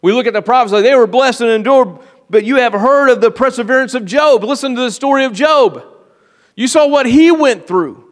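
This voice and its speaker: A man pastor giving an earnest sermon, often slowing down and dropping to a quiet, confiding tone. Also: very high voice. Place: church sanctuary. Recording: long reverb of a large hall.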